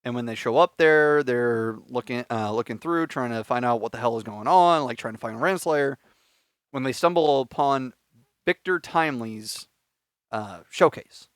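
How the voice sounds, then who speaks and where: A man's voice: medium pitch, normal speed, clear, resonant tone, dry recording, clean studio sound. A man hosting a podcast, casually recapping an episode in a rambling way with filler words and swearing. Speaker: podcast host.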